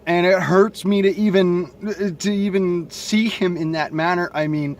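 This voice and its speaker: A Southern man who stutters vlogs into his cell phone in a rambling, blunt, profane monologue to camera. He has a high voice with fairly even intonation and talks a little slowly.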